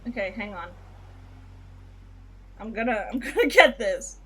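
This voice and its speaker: A woman streamer casually chatting through a game, animated, swearing often and laughing between lines. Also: on the high side, unhurried, slight background noise.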